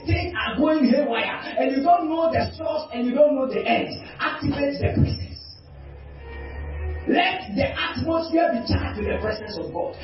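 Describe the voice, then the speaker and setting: High-voiced shouting preacher in an echoey hall. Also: male voice. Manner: emphatic, shouting, call-and-response. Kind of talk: sermon. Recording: echoey distant dull sound, faint music.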